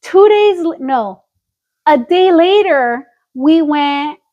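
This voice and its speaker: High-pitched woman gossiping on a podcast, animated, kinda dull lo-fi sound. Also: takes it slowly. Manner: animated storytelling, acting out quotes. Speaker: podcast co-host. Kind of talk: casual gossip chat.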